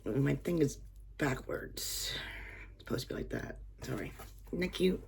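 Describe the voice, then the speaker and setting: A woman vlogger chatting casually as she unboxes items at home, excitable, gasping and dropping to whispers with delight. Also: very deep voice, a little slow, creaky, a little hiss or hum.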